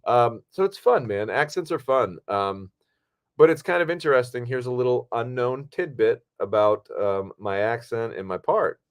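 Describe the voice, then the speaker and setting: A man co-hosting a podcast who tells behind-the-scenes stories in a loose, animated way, with plenty of swearing. His voice sits at a medium pitch for a man. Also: normal speed. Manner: profane, animated storytelling. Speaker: podcast co-host and actor. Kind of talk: casual chat.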